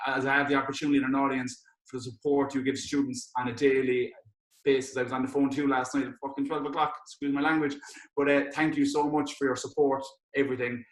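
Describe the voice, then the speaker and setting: A young man from hosts an awards evening and thanks people one after another, full of restarts and fillers. His voice is flat in pitch and his words come quickly. The room around him sounds roomy and echoing. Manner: heartfelt, rambling, many restarts and fillers. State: tearful. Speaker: students' union president hosting an awards event. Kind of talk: emotional thank-you speech on a video call.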